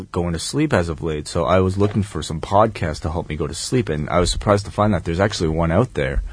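A man in his thirties co-hosting a casual podcast chat, with a calm, monotone, rambling delivery. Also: low-pitched, husky. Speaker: podcast co-host.

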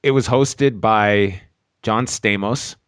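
A man's voice: on the low side, takes it slowly, a bit bright, no echo. A man hosting a casual wrestling podcast, joking dryly and now and then tripping over his words. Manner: joking, dry, with small stumbles. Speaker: podcast host.

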